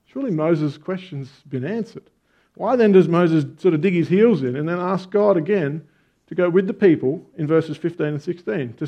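A man preaching a conversational sermon, telling stories with emphatic stresses. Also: fairly high pitch. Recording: dull lo-fi sound.

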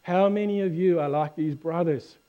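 Heard through phone-quality sound, this fairly high-pitched male pastor preaches conversationally at normal speed. His lines shift from hushed to loud, and he stumbles over repeated words as he corrects himself.

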